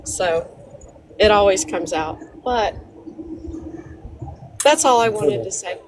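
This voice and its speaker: A woman's voice: medium pitch, lively intonation, takes it slowly, slight background noise, poor audio. A middle-aged woman with an Oklahoma accent, calling into a live stream to chat earnestly and kindly. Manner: earnest, apologetic, friendly. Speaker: caller.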